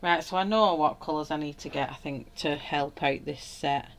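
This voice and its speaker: A woman in her 30s with a deep voice hosts a livestream from home, colouring as she chats casually at a normal pace. She greets viewers by name and laughs a lot.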